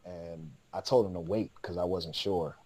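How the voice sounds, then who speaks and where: A man's voice: deep voice, fairly even intonation, normal speed, dark tone, slightly rough, low-quality recording. A man, a podcast guest, telling a long story in casual, slangy speech with lots of laughter.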